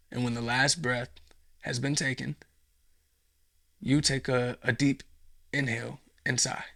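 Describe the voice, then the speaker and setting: A podcast host delivers a profane, sarcastic, rambling comedic monologue. His voice is medium in pitch with a sharp tone.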